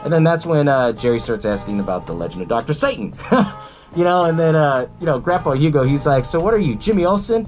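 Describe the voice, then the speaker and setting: A man's voice: mid-range voice, lively intonation, fairly quick, a little mellow, faint music behind. A man hosting a podcast, casually retelling a movie in a rambling, profane way and laughing often. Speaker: podcast host.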